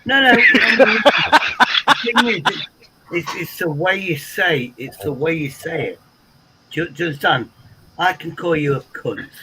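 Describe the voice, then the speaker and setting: A man with an English accent hosting a casual livestream chat, animated and swearing freely with frequent repeats. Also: a little high, rough recording. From England. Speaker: livestream host.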